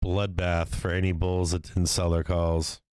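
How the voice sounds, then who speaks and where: A man with a lowish, smooth and resonant voice talks through stock charts as they move. He swears freely and breaks into laughter often. The sound is dry and close, with no room echo. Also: measured pace. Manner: profane, excitable, laughs often. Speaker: stock market livestream host. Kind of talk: live trading commentary.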